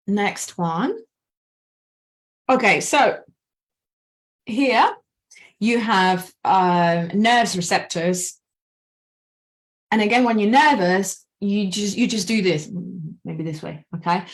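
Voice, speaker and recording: A woman coaching on anxiety in a casual, animated talk, slowing down to count breaths and acting out anxious and calm inner voices. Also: mid-range voice. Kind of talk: casual guided presentation.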